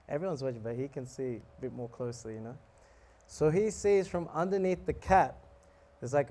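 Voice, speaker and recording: A monk preaching who tells a lively story, acting out scenes and laughing. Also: male voice, a little high. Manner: animated, laughing, acts out scenes. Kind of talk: storytelling sermon.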